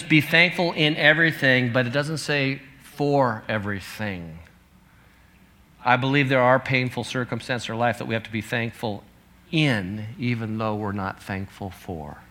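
A man's voice: fairly low pitch, a bit bright. A pastor in his fifties gives an earnest, conversational sermon, reading out scripture as he goes.

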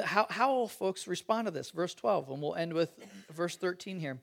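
Pastor preaching a chatty, animated sermon. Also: male voice, high voice.

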